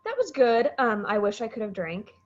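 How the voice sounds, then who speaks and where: A woman's voice: on the high side, big pitch swings, moderate pace, highs cut off. A woman sharing on a casual group video call, chatty and laughing, using "like" a lot. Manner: chatty and laughing, heavy use of "like". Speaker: team member sharing on a call.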